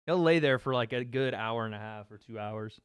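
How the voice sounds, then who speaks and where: A man's mid-range voice moves briskly and smoothly, with no room sound. Hosting a casual livestream, he reacts to fight chat by talking loosely and directly to his viewers, joking and repeating himself.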